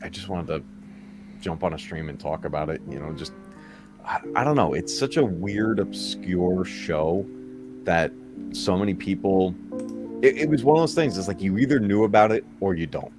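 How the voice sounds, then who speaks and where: A man's voice: deep voice, expressive, moderate pace. A man hosting a live stream and chatting casually. He rambles with nostalgia and often chuckles. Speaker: stream host. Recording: music playing under the voice.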